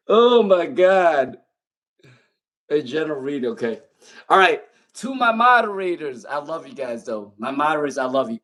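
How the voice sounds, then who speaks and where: A man's voice: fairly high pitch, expressive, fairly quick, sharp tone. Chatty young man reading tarot live. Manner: chatty, repeats himself, bursts of laughter. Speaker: tarot reader hosting a live stream. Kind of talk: live-stream tarot reading, casual chat with viewers.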